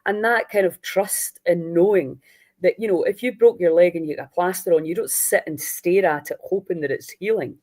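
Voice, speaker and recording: A woman with a slightly low voice hosts a relaxed chat. She speaks earnestly and circles back over her key points, repeating them for weight. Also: normal speed. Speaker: host. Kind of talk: casual conversation.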